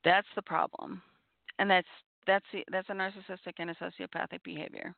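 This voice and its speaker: A middle-aged woman speaks in an earnest, measured way, repeating her key points as she gives advice. Her voice has a gravelly edge. The sound is tinny and dry, like a phone line with no room around it. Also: on the low side, fairly even intonation, dry recording. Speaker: podcast host on abuse recovery. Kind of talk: reflective advice talk.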